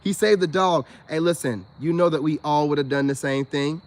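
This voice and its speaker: High-voiced laughing American man. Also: moderate pace. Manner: laughs often, loose slangy delivery. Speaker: spiritual self-help vlogger. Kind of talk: casual rambling commentary to viewers.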